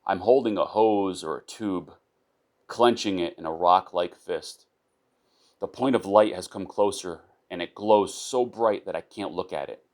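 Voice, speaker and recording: Deep-voiced man reading a first-person story. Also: unhurried, darkish tone. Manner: unpolished reading with small restarts and repeated words. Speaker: narrator of his own short story.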